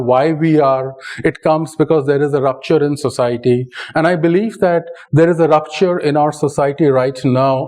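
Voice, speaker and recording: A man's voice: fairly high pitch, mellow. A man from India with an Indian English accent gives a lecture as a psychologist, telling a personal anecdote in a conversational way and often checking in with the audience. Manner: conversational, seeks assent with "right?".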